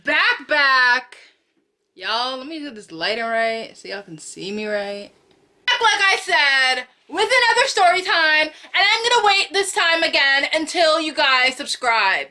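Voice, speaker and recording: Young woman vlogger, bright voice, lively slangy storytime delivery, home camera setup. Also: sits high, a little slow. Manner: animated, chatty, slangy, repeats phrases for emphasis; acts out quotes with loud cries. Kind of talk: storytime vlog.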